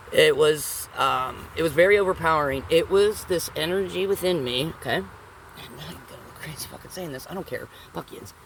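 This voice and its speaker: A woman's voice: sits low, gravelly, slight background noise. A woman vlogger telling a rambling personal story in casual, profane speech, often checking in with her listeners.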